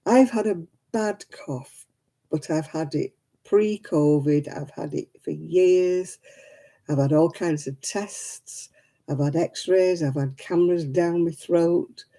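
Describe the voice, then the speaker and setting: A tired woman hosting a casual livestream and chatting away to her viewers. Her voice is very dark and mellow, with a husky, breathy edge. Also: on the low side, slow pace. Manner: chatty, talks to viewers by name. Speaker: livestream host.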